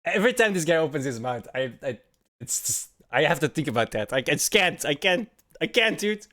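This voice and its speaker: A man's voice: a little high, big pitch swings, a little fast, fairly bright tone. A young man streaming casual reaction commentary, mocking and swearing, often breaking into laughter.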